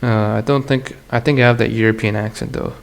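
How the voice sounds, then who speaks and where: The solo podcast host sounds lowish and creaky, holding a steady tone and talking a little fast. He rambles on casually with crude slang and frequent laughter.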